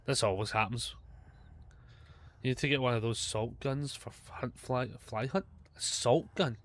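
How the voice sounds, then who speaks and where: With a medium-pitched, steady and fairly bright voice, a man with a Scottish accent streams gameplay live. He keeps up a chatty commentary, cursing a lot and readily mocking himself for his mistakes.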